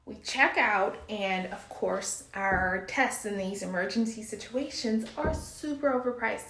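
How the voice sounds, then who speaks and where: A creaky, medium-pitched voice comes from an American woman in her thirties, recorded in an echoey room. She casually tells viewers a story in an animated, breathless way, acting out her panicked shouts.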